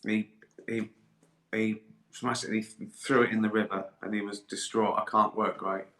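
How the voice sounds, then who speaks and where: A man's voice: on the low side, little pitch movement, moderate pace, fairly bright tone. An older man, chatting casually on a live stream, rambling, swearing and laughing often. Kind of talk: casual chat. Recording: echoey room.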